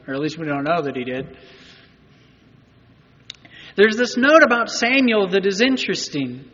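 A man's voice: high voice, animated, a little slow, pauses often, pushed and bright, long reverb tail, lo-fi sound. A man preaching a sermon as pastor, in a conversational manner that often asks the congregation rhetorical questions.

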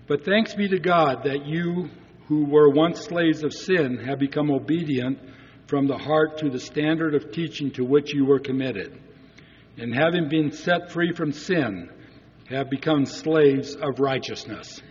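A man's voice: on the high side, a little slow, husky. A man preaching a sermon in an earnest way, asking rhetorical questions to the congregation. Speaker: pastor. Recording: dull recording with long church reverb.

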